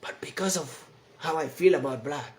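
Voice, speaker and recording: High-voiced man preaching in an echoey room. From Africa. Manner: emphatic and repetitive, preaching slowly. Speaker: video blogger. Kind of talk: impassioned monologue to camera. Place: seated indoors.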